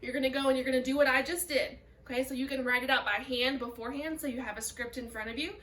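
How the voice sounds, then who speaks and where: A woman's voice: high voice, fairly even intonation, fast, sharp tone. A woman French teacher recording a video lesson, explaining step by step and modelling French words and phrases. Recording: echoey room, voice a bit far from the mic.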